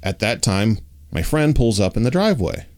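Animated man telling a story. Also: moderate pace. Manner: animated, acts out dialogue with raised pitch; uses many fillers like "like" and "you know". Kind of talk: casual storytelling chat.

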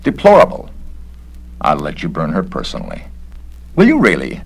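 A man reading a story aloud, voicing a nervous, prim male government inspector in a raised, excitable voice. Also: rumbling low, brisk, vocal fry, slightly rough, heavily acted. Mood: fussy, alarmed.

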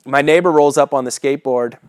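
A man delivers a sermon as a relaxed personal story, chuckling between lines and checking in with "right?" as he goes. His voice sits in an ordinary middle pitch, and the mic is close and dry. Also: fairly quick, no room sound. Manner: casual storytelling with chuckles and asides; keeps asking "right?" as he preaches. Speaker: preacher.

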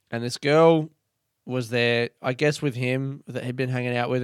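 A man's voice: mid-range voice, clear, resonant tone, no echo, clean studio sound. A young man, a comedian, telling a rambling story in a laid-back way with casual swearing.

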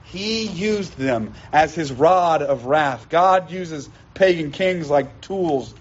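Brief: male pastor, fairly high voice, emphatic sermon delivery, dull lo-fi recording. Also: expressive, takes it slowly. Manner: emphatic teaching, repeats key lines. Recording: dull lo-fi sound.

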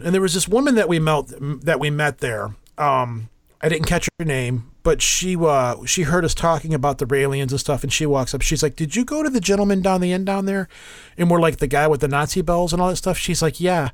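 A man hosting a podcast, chatting casually and rambling with many restarts and fillers. His voice sits a little high. The sound is dry and close to the mic. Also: dry recording. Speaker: podcast host. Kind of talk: casual chat.

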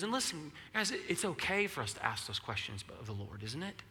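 A man preaching a sermon in a conversational, animated way, acting out the questions he quotes. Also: a little high, fairly quick, few pauses, long reverb tail. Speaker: pastor.

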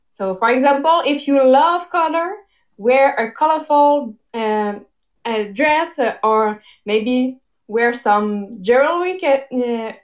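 Faint, distant woman on a call. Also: high-pitched. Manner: upbeat, giggly, list-like delivery. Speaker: guest speaker. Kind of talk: presenting tips on a live call. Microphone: phone on a video call.

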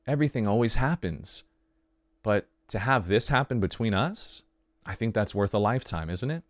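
A man's voice: mid-range voice, dry recording, clean studio sound. Guy doing a heartfelt podcast monologue, emphatic, lots of questions, voice swings up and down. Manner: earnest, emphatic, rhetorical questions. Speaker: podcast host.

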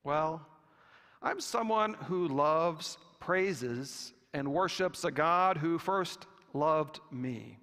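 A man preaching a sermon with a slow, deliberate delivery and long pauses. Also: a little high, animated, fairly bright tone. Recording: long reverb of a church hall.

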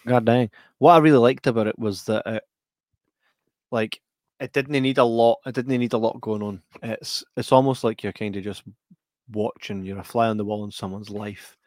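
A man's voice: on the low side, fairly even intonation, normal speed, darkish tone, dry recording, clean studio sound. A man with a Scottish accent co-hosting a casual film review podcast, telling the story in a rambling way, often restarting his sentences. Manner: rambling, self-interrupting storyteller. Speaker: podcast co-host.

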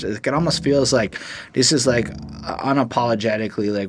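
A man casually reviewing a song on a podcast, rambling and enthusiastic, with lots of swearing. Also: fairly low pitch. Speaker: music reviewer.

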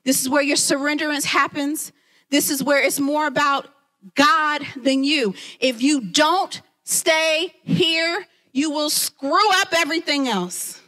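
Woman preaching, high voice, talks right at the crowd, real lively. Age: adult, mother of children. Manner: lively, talks straight to listeners. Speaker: women's ministry leader. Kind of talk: sermon.

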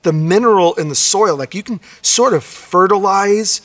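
A man preaching a sermon, talking to the congregation in a conversational way and slowing down to stress key phrases. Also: high-pitched, fairly bright tone. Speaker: pastor. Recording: long reverb of a large hall.

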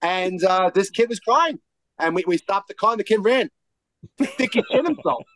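A high-pitched man spins a rowdy old story among friends, swearing freely and bursting into shouted quotes. His voice sits close and dry, with no room around it. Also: moderate pace, no echo, rough recording. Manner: animated, profane, shouts out quotes mid-story.

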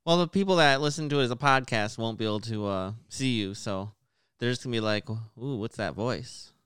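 A man co-hosting a casual racing podcast, chatting and reading race results in a relaxed way. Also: medium pitch, quick pace, clear, resonant tone, no room sound, clean studio sound. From United States. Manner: announcer-style intro, then relaxed chat reading results. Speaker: podcast co-host.

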